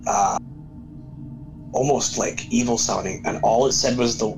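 A man guesting on a podcast, telling a story casually in a relaxed, chatty way. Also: mid-range voice, unhurried, gravelly, music in the background, rough recording. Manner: relaxed, chatty, says "right?" often.

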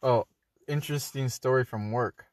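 A man's voice: mid-range voice, moderate pace, no echo. A man chatting casually who rambles through a story with plenty of "uh" and "like". He acts out the people in it as he goes. His voice sits mid-range, recorded dry and close with no room sound. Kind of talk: casual chat.

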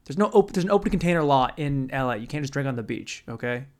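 A man's voice: medium pitch, lively intonation, quick pace. A man doing stand-up storytelling in a profane, rambling, bro-ish way. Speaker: stand-up comedian.

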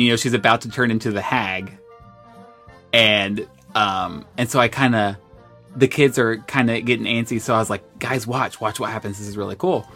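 An American man co-hosting a podcast, telling stories in an animated, self-deprecating way. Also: lowish voice. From United States. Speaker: podcast co-host. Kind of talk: casual storytelling chat.

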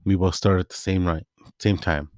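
Deep-voiced man in casual rambling chat. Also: fairly even intonation, normal speed, darkish tone, no room sound, clean studio sound. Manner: rambling, laid-back storytelling with many fillers. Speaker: podcast host.

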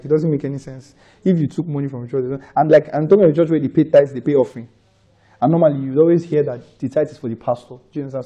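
A man's voice: fairly high pitch, warm tone, breathy edge, dull audio. A man with a Nigerian accent preaching a conversational sermon, repeating phrases for emphasis and often checking that listeners are following. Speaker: pastor.

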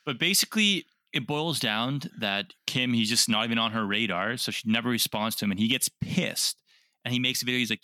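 A man co-hosting a casual podcast, telling a story with lively acted-out quotes. His voice has a bright, forward edge. It sounds dry and close to the mic. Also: mid-range voice, fairly quick, no room sound. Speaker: podcast co-host. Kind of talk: casual chat.

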